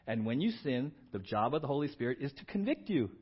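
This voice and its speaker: A middle-aged man preaching a sermon as pastor, lively and building to emphatic outbursts. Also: medium pitch, fast, slightly rough. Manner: animated, rising to emphatic exclamations. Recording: dull lo-fi sermon audio.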